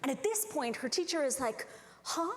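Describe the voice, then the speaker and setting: Animated woman telling a story in an echoey hall. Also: high voice, a little fast. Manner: animated storyteller, acts out quoted voices. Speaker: conference speaker. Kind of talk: storytelling keynote talk. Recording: echoey hall with long reverb.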